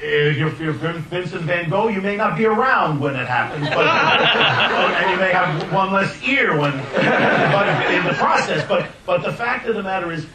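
An older man, a filmmaker, telling anecdotes in an animated way, often laughing and restarting his sentences. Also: moderate pace, hardly any pauses. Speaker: filmmaker guest. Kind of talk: anecdotal storytelling. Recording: roomy distant mic, faint rumble.

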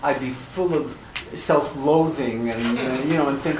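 An older man, a film director answering questions at a press conference, speaking haltingly with restarts and self-deprecation. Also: mid-range voice. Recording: echoey room with background noise.

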